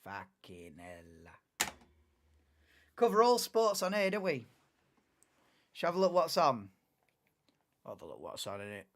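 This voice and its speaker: A man's voice: high voice, big pitch swings, normal speed, pauses often, a bit bright. A young man hosting a live race watchalong, chatting casually, muttering asides and swearing freely.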